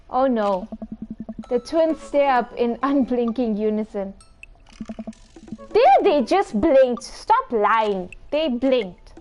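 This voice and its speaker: A woman's voice: fairly high pitch, big pitch swings, takes it slowly, pauses often, darkish tone, soft background music. A woman hosting a gaming video, reading a dating game's text aloud and adding playful, giggly, teasing asides. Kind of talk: reading a dating game aloud with live commentary.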